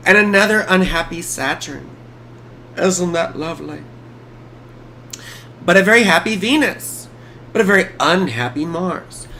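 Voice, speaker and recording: A woman's voice: lowish voice, lively intonation, unhurried, pauses often, sharp tone, a little hiss or hum. A woman in her forties, an astrologer giving chatty, playful live chart readings on a stream.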